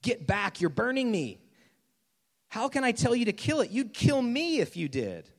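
A man putting on a flustered male ghost who whines and dodges, his voice raised high and lively. The story is read aloud in a large, echoing hall, with long reverb trailing each line. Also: moderate pace, exaggerated voice. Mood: panicked. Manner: flustered, pleading, making excuses. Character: fretful male ghost, whiny and evasive.

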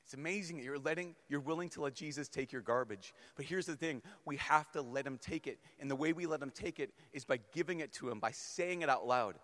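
A male priest giving a humorous, lively sermon to a young crowd and acting out little stories as he goes. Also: a little high, a little fast, few pauses. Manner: humorous, animated, acts out stories. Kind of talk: sermon to a youth gathering. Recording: long reverb in a large hall.

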